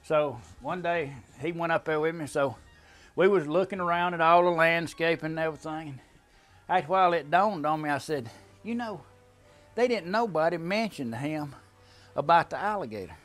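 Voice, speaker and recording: Older man, high voice, drawling folksy storyteller, faint music behind. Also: normal speed, fairly bright tone. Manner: drawling, chuckling often, folksy slang. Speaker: family storyteller. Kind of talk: casual storytelling.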